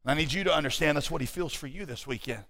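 A man preaching a sermon as pastor, animated and conversational with his congregation. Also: fairly high pitch, rapid-fire. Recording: hall reverb.

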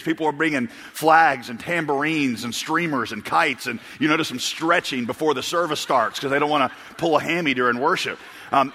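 A man's voice: medium pitch, bright, forceful tone. Man, pastor, sermon, chuckling storyteller, lingering echo of a big church hall. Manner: rambling storyteller, chuckles and restarts. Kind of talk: sermon with humorous stories. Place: church auditorium. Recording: long reverb of a large hall.

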